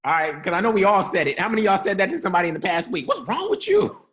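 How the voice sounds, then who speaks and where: Male preacher-host, fairly high voice, upbeat motivational talk, playful and slangy, quick laughs, keeps quizzing the crowd. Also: a bit bright. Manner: casual, slangy delivery. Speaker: host of an online church-style teaching.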